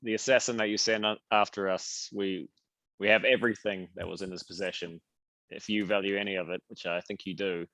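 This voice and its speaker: Brief: steady player, lower voice, measured and plain. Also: male voice, no echo. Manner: calm, negotiates in character. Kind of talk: casual tabletop game chat.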